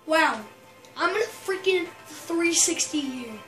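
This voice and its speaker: A woman giving casual gameplay commentary at home, excitable and prone to sudden shrieks and yells. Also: very high-pitched, a little slow. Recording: roomy echo, faint music.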